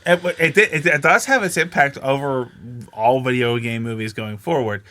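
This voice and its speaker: A man co-hosting a podcast, chatting casually about a movie, animated and profane, mockingly acting out the characters. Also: medium pitch, moderate pace. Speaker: podcast co-host. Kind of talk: casual movie commentary chat.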